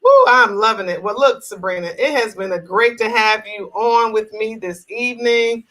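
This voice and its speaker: A woman's voice: fairly high pitch, normal speed, pushed and bright, rough recording. A woman from New Jersey hosting a casual live talk show over a video call, chatty and encouraging with frequent affirmations.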